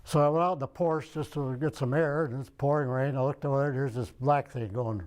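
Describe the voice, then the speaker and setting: Older man recalling, mellow and unhurried. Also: medium pitch, fairly even intonation. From Michigan, United States. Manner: rambling, searches his memory aloud. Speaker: veteran interviewee. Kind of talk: oral history interview.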